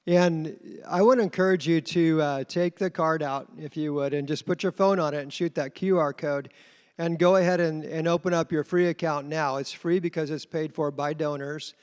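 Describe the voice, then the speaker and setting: Man, fairly high voice, earnest storyteller, giving a talk, long hall reverb. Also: steady tone, moderate pace, clear, resonant tone. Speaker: church small-group leader giving a talk. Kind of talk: conference talk.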